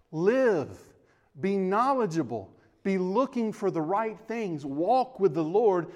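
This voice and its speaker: A man's voice: high-pitched, darkish tone. Earnest male pastor preaching. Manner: earnest, emphatic repetition. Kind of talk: sermon and closing prayer.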